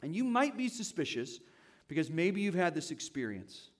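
A man's voice: fairly high pitch, sing-song, normal speed. A man preaching a sermon in a church, talking to the congregation in a conversational way and asking them questions. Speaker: pastor.

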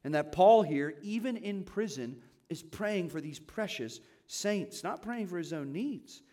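A man's voice: high voice, lively intonation, unhurried, dark tone. A man preaching a sermon in a church, talking to the congregation in a conversational way and asking them questions. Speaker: pastor.

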